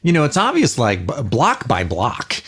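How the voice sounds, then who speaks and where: A man's voice: medium pitch, wildly swooping pitch, normal speed, fairly bright tone, slightly rough. A man co-hosting a comedy podcast, talking in a playful, mock-earnest way into a studio microphone. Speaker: podcast co-host.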